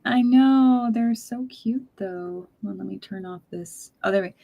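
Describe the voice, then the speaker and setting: A woman hosting a casual chat, talkative and quick to laugh, often trailing off mid-sentence. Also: medium pitch, gravelly, mellow, highs cut off. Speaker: podcast host.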